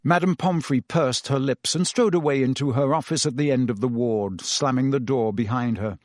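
A man reading a novel aloud as an audiobook, with steady, expressive storytelling. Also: mid-range voice, moderate pace, no echo, studio quality. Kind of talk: audiobook narration.

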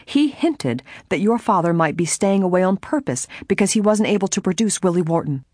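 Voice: medium pitch, lively intonation, brisk, a little mellow, no echo, studio quality, voice pushed up, lightly acted. A reader voicing a blunt, indignant older woman housekeeper, in an audiobook.

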